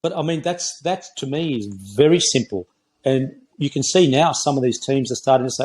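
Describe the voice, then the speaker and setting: A man's voice: mid-range voice, fairly quick, a little mellow. An Australian man in his sixties, a former rugby player as a podcast guest, telling blunt, opinionated stories. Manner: blunt, opinionated storytelling, says "mate" often. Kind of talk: casual podcast interview.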